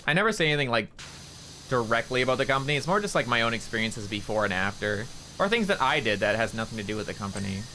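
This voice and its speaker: A man's voice: medium pitch, very animated, quick pace, sharp tone, slight background noise. A man streaming a game, chatting casually in a rambling, candid way and swearing freely. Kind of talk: casual chat while gaming.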